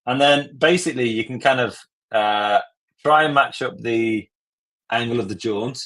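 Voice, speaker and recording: A man's voice: medium pitch, normal speed, fairly bright tone. Guy running a live design tutorial, casual and jokey, talks you through each click. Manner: chatty, jokey, step-by-step. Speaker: tutorial host.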